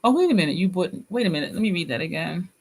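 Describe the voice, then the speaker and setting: A woman's voice: on the low side, lively intonation, rapid-fire, husky. A woman vlogger chatting casually, reading comments and laughing often. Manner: chatty, laughs often, drops into quoted voices. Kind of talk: casual chat with live comments.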